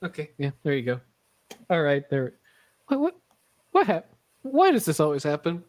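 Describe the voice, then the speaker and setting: A man's voice: fairly high pitch, huge pitch swings, moderate pace, a little mellow. A man hosting a casual podcast, rambling and joking with lots of swearing. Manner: rambling, profane and jokey. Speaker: podcast host.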